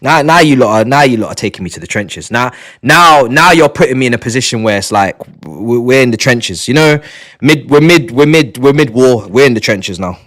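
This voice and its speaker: A man, chatting live on stream to his viewers, excitable, repeating and stumbling over words, sometimes shouting. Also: fairly quick. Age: 20s. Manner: shouts in bursts, then drops to low mutters. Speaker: livestreamer.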